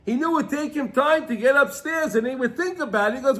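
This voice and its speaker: High-voiced man giving a chatty Torah class. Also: fast talker, a bit bright. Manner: conversational, keeps asking "right?" and repeating himself; mixes in Hebrew and Yiddish terms. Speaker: rabbi teaching Torah. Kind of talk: Torah class on the weekly portion.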